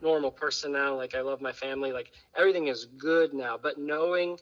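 A man's voice: medium pitch, fairly even intonation, fairly quick, fairly bright tone, muffled recording. A man chatting candidly as a podcast guest, rambling and full of fillers. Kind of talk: casual chat.

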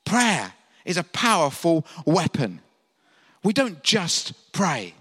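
A man from England preaches to his congregation, his voice high and bright. He keeps putting questions to his listeners and acts out the lines he quotes. The sound rings with the long reverb of a church hall. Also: huge pitch swings, takes it slowly, breathy edge. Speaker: pastor. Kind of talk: sermon.

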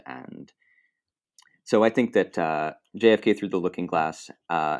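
Very low-voiced male film critic. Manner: thoughtful, rambling with restarts and asides.

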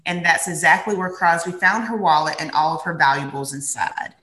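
A woman's voice: low voice, a little fast. Chatty woman co-host, roomy sound. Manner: chatty, relaxed, many fillers. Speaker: podcast co-host. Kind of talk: casual podcast chat.

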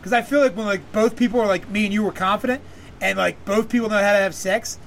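A man's voice: high voice, fast, vocal fry, a bit bright, a little hiss or hum. A man hosting a podcast, telling a long profane story in a rambling casual way and laughing often. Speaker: podcast host.

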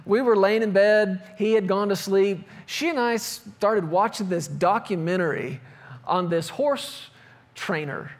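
A man's voice: high voice, unhurried, in a large hall. A male pastor preaching a sermon, telling a personal story with laughter, then reading and explaining scripture.

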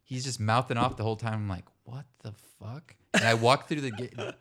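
A young adult man co-hosting a podcast, telling a story in a relaxed, casual way, laughing often and swearing freely. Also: mid-range voice, fast talker. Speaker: podcast co-host. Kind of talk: casual chat.

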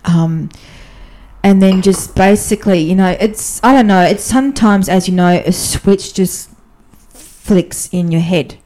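A woman guest on a podcast, talking candidly and chattily about her life as a diplomatic spouse, often restarting her sentences. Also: measured pace. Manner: animated, often jumps up in pitch when telling stories. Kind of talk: casual podcast conversation.

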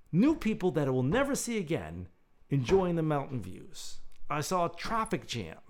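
A man hosts his own show in a reflective, lyrical monologue, pausing to muse between phrases. His pitch rises and falls in a lively way as he speaks. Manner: lyrical, musing, with thoughtful pauses. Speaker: podcast host.

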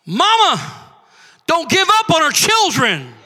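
Guy preaching hard in church, bright edgy voice, lots of shouting to the congregation. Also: very high voice, wildly swooping pitch, slow. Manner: fervent, often shouted preaching that calls out to the congregation. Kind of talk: sermon.

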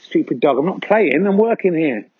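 A man voicing a grumpy busy stone clearer. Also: on the high side, lively intonation, normal speed, phone-quality sound, a little hiss or hum, voice pushed up, lightly acted. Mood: irritated.

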